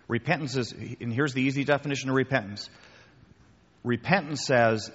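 Male preacher, mid-pitch, chatty delivery; dull recording in a reverberant hall. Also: measured pace, fairly bright tone. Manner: conversational, repeats key phrases, addresses listeners as guys. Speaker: pastor. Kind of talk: sermon with audience questions. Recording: muffled sound with long hall reverb.

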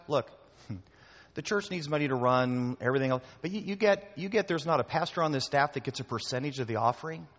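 A man preaching a sermon to his congregation, conversational and talking straight to the room, often repeating words as he goes. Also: fairly high pitch. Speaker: pastor. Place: church hall before a congregation. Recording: echoey hall, dull lo-fi sound.

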